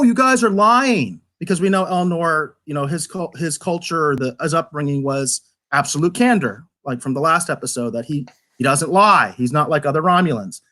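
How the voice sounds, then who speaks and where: A man talking through an episode review in a loose, rambling way, often catching on repeated words before pressing on. His voice sits a little high for a man, and his critique is animated and exasperated. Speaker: podcast reviewer. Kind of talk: casual review chat.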